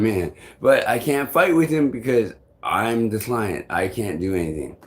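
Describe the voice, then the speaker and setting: A man with a fairly low voice tells a story straight to the camera. His delivery is rambling and full of cursing, with a frustrated edge throughout. It sounds like casual vlog talk. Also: animated, measured pace. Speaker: vlogger.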